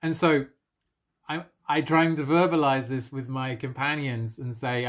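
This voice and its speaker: A man sharing a personal spiritual experience on a live stream, earnest and emotional, with soft laughs between phrases. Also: medium pitch, fairly even intonation, normal speed. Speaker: spiritual coach.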